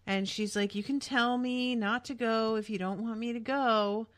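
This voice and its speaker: A woman's voice: fairly high pitch, fairly even intonation, moderate pace, no room sound. Blunt, swearing woman podcaster. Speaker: podcast co-host. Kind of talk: casual chat, recapping an episode.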